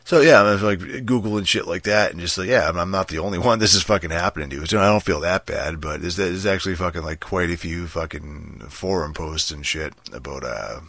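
Very deep male voice, casual cursing ramble into a headset mic at home, dry sound. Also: a little fast, vocal fry, hardly any pauses, fairly bright tone, dry recording. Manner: swears constantly, rambling with many restarts and fillers.

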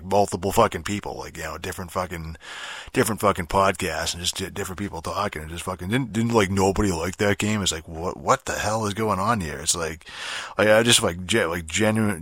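A young man with a low, forceful voice rants about video games, swearing at every turn and rambling through fillers and false starts. The sound is dry and close, with no room around it. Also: breathy edge, no echo. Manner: profane, rambling, with many fillers and restarts. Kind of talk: casual rant monologue.

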